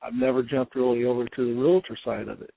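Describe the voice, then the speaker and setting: A man from the Midwest talks casually as a podcast guest and keeps restarting his sentences. His voice is gravelly. The sound is dry and thin, like a phone line. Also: medium pitch, fairly even intonation, dry recording. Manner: halting, many fillers and restarts. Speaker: guest, home inspector. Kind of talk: casual interview chat.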